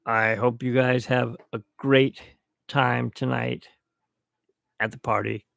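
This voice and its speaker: Middle-aged guy rambling thru a podcast toast, real slow, dry close sound. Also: mid-range voice, flat delivery, gravelly, a bit bright, no echo. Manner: rambling, reminiscing, with restarts. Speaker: podcast host. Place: at home, alone.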